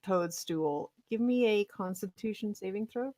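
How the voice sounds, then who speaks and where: A woman's voice: mid-range voice, unhurried, warm tone, no room sound. A woman running a tabletop game as game master, chatty and laughing often, with plenty of ums.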